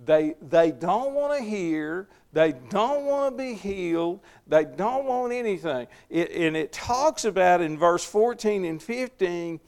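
Folksy man with a gravelly voice. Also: sits high, expressive, measured pace, hardly any pauses, darkish tone. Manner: folksy, conversational, chuckles often. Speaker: preacher leading a Bible study. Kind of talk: informal Bible teaching.

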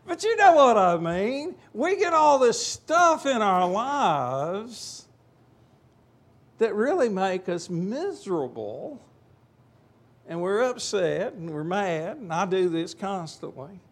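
An older man delivers a relaxed, folksy sermon, breaking off for jokes and asides to the people in front of him. His voice sits a little high for a man, and he leans into key words, drawing them out. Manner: folksy, joking asides to the congregation; slows down and rises to stress key words. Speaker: preacher. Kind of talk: informal sermon with a told joke.

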